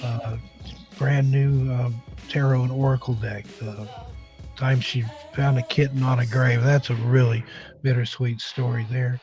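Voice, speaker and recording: Easygoing host with a scratchy throat. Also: male voice, medium pitch, little pitch movement, unhurried, a little mellow, soft background music. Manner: easygoing, joking, rambling with restarts. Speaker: podcast host. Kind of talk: casual live-stream chat.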